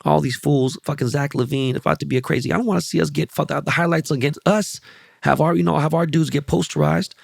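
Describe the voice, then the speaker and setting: A man in his forties hosts a podcast and talks at an ordinary pitch in a gravelly voice. He rambles, swears freely and stays animated through his stories. The close mic sounds dry with no room in it. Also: fast, no echo. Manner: profane, rambling, animated storytelling. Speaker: podcast host. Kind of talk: casual podcast monologue.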